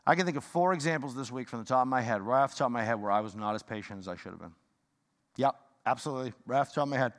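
A man preaching a sermon in a fired-up, rambling way, swinging from loud bursts to hushed talk. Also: medium pitch, very fast. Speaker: pastor. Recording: long hall reverb.

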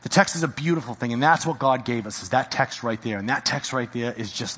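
A male pastor preaching a sermon in a church, swinging from loud exhortation to hushed intensity. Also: mid-range voice, fairly quick, few pauses, breathy edge, in a large hall.

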